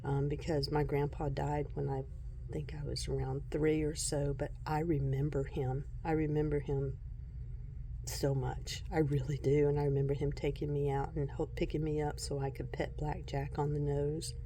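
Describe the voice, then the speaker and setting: A woman vlogging casually at home about her tarot decks, soft-spoken and unhurried, often breaking into giggles. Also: sits low, flat delivery, a little hiss or hum. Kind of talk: casual show-and-tell vlog.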